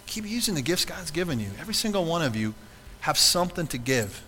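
Bright-voiced male pastor preaching in a hall. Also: on the high side, very animated, fast, a little hiss or hum. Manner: earnest, conversational preaching with rhetorical questions. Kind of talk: sermon. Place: church sanctuary.

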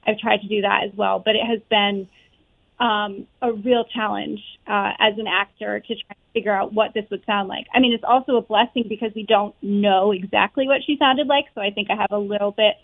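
A woman's voice: mid-range voice, steady tone, brisk, gravelly, no echo. A woman who is a stage actress, talking earnestly and chattily with lots of fillers as an interview guest, over a tinny phone-like line. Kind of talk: casual interview chat.

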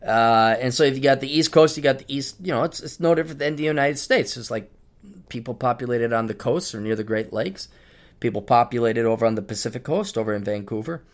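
In a brisk, medium-pitched voice, a middle-aged podcaster rambles through travel stories in a casual solo talk, laughing as he goes and keeping things animated.

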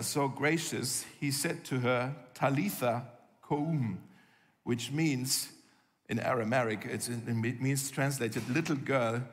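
Man preaching in a reverberant hall. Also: medium pitch. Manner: conversational storytelling, acts out quoted lines. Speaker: pastor. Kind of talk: sermon.

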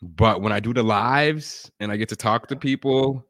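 A man's voice: medium pitch, normal speed, no room sound, studio quality. A man chatting as a podcast guest, telling stories and acting out the voices of people he quotes. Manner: animated storyteller, acts out quoted voices. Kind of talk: casual chat.

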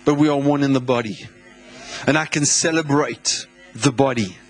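A man from South Africa, a visiting pastor, preaching a sermon in a church, excitable, laughing often and repeating words. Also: medium pitch, moderate pace, slight background noise. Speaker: guest pastor.

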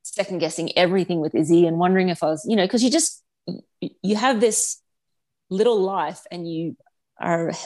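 A woman in her thirties speaks as a podcast guest, her voice sitting a little low. She talks in a relaxed, candid way, with plenty of fillers and restarts. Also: moderate pace. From Australia. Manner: chatty, frank, many "like" fillers. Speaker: guest, professional triathlete and mother. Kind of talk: casual podcast conversation.

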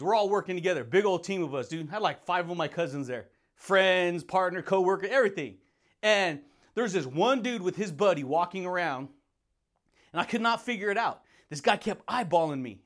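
A young man hosting a motivational podcast, talking in an energetic, slangy way and laughing often. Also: high voice. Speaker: podcast host.

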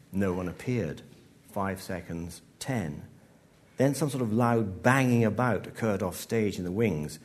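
Author guy reading his short story live, low voice, dry and measured. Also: darkish tone. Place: live event venue.

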